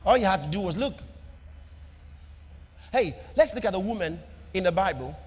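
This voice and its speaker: Pastor guy preaching, really high voice, repeats lines for punch, big hall echo. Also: lively intonation, moderate pace, breathy edge. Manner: emphatic, repetitive preaching cadence; swings between loud declarations and soft asides. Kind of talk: sermon.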